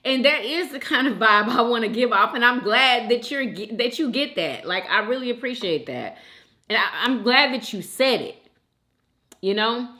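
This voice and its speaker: A woman hosting a mukbang chat, reading viewer comments aloud, animated and quick to laugh and get emotional. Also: a little high. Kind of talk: casual chat.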